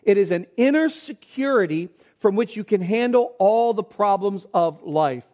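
A man preaching a sermon, reading scripture aloud and stressing key words with shifting pace and loudness. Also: high-pitched, animated. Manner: emphatic preaching with pauses, varied pace and loudness. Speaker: pastor.

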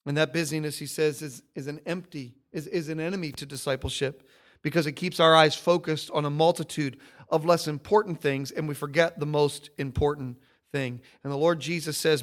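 A male pastor delivering a sermon with emphatic, stacked repetitions and lively storytelling. His voice sits notably high for a man. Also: brisk. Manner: emphatic, piles up repeated phrases; animated storytelling.

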